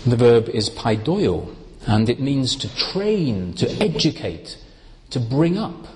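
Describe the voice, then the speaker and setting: A man preaching a sermon, explaining Bible words in a slow, deliberate, emphatic way. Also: mid-range voice, sing-song, a little mellow, in a large hall, slight background noise.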